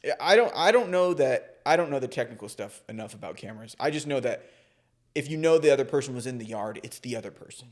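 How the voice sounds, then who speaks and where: A man's voice: mid-range voice, lively intonation. Dry-joking man co-host. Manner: dry joking, quick asides. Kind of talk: casual chat reacting to online posts.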